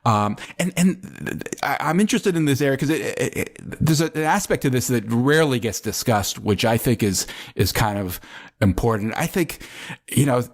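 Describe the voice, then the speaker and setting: A man's voice: mid-range voice, lively intonation, normal speed. A man hosting a business podcast, posing questions thoughtfully with many restarts. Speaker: podcast host. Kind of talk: interview questions.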